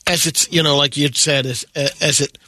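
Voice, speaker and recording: A man's voice: fairly high pitch, fairly even intonation, normal speed, bright, forceful tone, dry recording. A male radio co-host chiming in casually with short, agreeable remarks. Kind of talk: casual chat.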